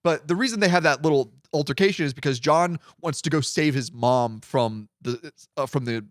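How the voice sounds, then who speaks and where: A man's voice: a little high, moderate pace, no echo, studio quality. A man co-hosting a casual podcast, rambling and acting out quotes as he talks. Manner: rambling, animated, acts out quotes. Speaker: podcast co-host.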